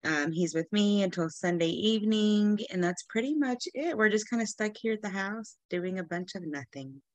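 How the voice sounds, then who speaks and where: A woman from Texas, co-hosting a podcast in casual chat, rambling through stories and clearing her allergy-irritated throat often. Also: medium pitch, lively intonation, moderate pace, no echo. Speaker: podcast co-host.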